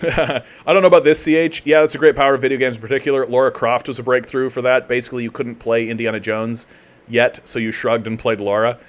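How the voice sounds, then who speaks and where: Man, from Canada, livestream commentary host, profane heated ranting, repeated restarts, mid-pitched voice. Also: level tone, quick pace. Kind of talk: livestream commentary, reading chat.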